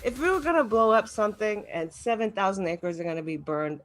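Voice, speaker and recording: A woman's voice: mid-range voice, a little fast, few pauses, faint music behind. A young adult woman doing a stand-up set online, ranting and laughing at her own jokes. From Los Angeles. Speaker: stand-up comedian.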